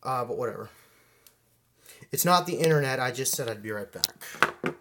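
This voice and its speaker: This fire alarm hobbyist talks through his live stream as he works with his hands, thinking out loud in a rambling, filler-packed way. He has a mid-range, animated voice at a normal speed. The recording is very noisy and echoes around the room.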